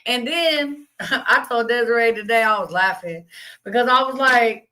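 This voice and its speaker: Woman, livestream host, casual rambling chat, slightly rough voice, bright tone. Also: on the high side, moderate pace, poor audio. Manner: chatty, rambling, laughs often. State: voice still rough from illness.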